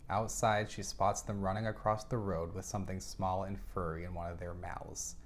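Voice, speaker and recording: A man walks through a novel's plot in a relaxed, conversational way. His voice sits fairly low, and he keeps breaking off for dry, joking comments of his own. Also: slight background noise. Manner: chatty, wry asides with laughs. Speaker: book review host. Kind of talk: casual book recap.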